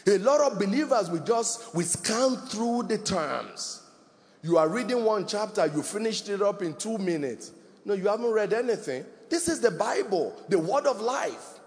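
A middle-aged male preacher with a high, animated voice delivers his sermon, swinging from shouted emphasis down to near-whispers. His words ring through the long reverb of a big church hall. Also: moderate pace. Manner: preaching emphatically, rising to shouts and dropping to a hush. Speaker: pastor. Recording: long echo of a large hall.

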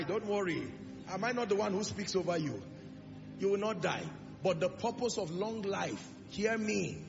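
Male preacher, high and gravelly, emphatic sermon delivery, echoing church hall with music underneath, dull lo-fi sound. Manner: emphatic preaching with rhetorical questions. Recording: reverberant lo-fi hall recording with music.

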